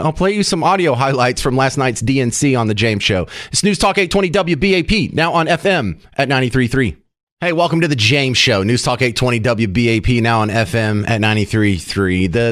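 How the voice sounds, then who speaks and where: A man's voice: mid-range voice, no room sound. A man hosting a talk radio show in a studio, chatting in an opinionated, joking way. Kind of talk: casual talk radio chat. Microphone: studio microphone.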